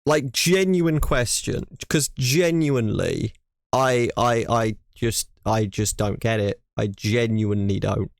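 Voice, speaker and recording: A man's voice: mid-range voice, slow pace, vocal fry, no echo, clean studio sound. English man ranting on a stream. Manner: ranting, animated, repeats himself. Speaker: streamer reacting to a video. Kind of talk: casual reaction chat.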